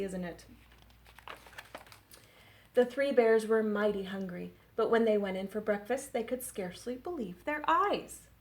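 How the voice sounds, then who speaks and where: A woman children's librarian leading story time, gentle and expressive. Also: medium pitch, a little hiss or hum. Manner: gentle, expressive, engaging kids.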